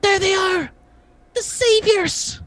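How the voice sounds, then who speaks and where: A man voicing a tiny, eager white kobold in a very high-pitched, breathless voice. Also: takes it slowly, noisy background. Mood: excited. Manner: breathless, excited calling out.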